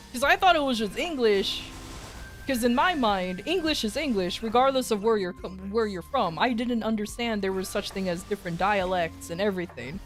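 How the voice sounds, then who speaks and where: A woman with an American accent and a fairly high voice chats casually on a stream. She rambles through her stories, swears without thinking, and laughs often. Soft music plays faintly behind her. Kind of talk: casual chat.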